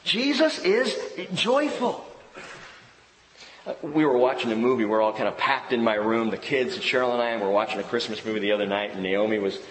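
A man's voice: mid-range voice, lively intonation, moderate pace, echoey room, big-room sound, slight background noise, rough recording. A middle-aged man, a pastor preaching a sermon with jokes and family stories.

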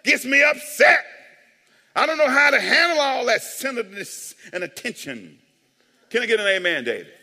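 Lively, bright-voiced man preaching in reverb. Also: very high voice, moderate pace. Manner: animated, joking, calls for amens. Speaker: pastor. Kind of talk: sermon. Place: church sanctuary. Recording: long church reverb.

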